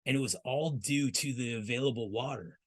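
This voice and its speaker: A man's voice: mid-range voice, brisk, husky. A man hosting a trade news segment, telling history in a storytelling way and speaking straight to the listener. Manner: storytelling, addresses listener directly. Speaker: host.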